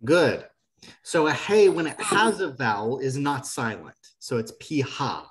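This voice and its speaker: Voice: mid-range voice, expressive, unhurried. A Hebrew teacher on a video call, patiently explaining and encouraging students' reading. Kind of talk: online class teaching.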